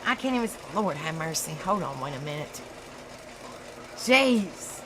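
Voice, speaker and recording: A woman with a Southern US accent hosting a casual live stream, chatty and laughing at herself often, in a dark room. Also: sits low, animated, a little slow, noisy background. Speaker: livestream host.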